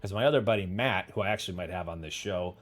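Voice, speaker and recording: A man's voice: sits low, fast talker, soft background music. A man hosting a casual livestream chat, telling rambling stories with casual swearing and answering viewer comments. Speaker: podcast host.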